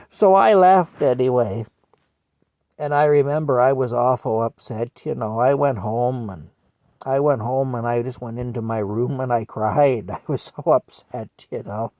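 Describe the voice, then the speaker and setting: A man's voice: medium pitch, normal speed, darkish tone, no room sound. Guy rambling through an old childhood story, lots of little laughs, dry close mic. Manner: chuckles often, rambling and conversational. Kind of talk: casual personal storytelling.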